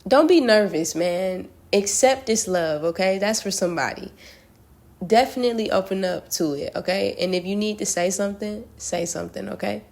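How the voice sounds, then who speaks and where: Gravelly woman giving a casual tarot message. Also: medium pitch, normal speed. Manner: relaxed, talks straight to viewers with slang. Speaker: tarot reader.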